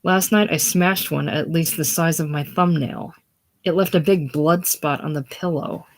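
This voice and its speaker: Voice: mid-range voice, fairly even intonation, normal speed, close to an everyday voice. A reader voicing a sickly, lonely older man with a grandiose, self-pitying manner in a casual play reading. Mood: brooding. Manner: theatrical, brooding, self-pitying.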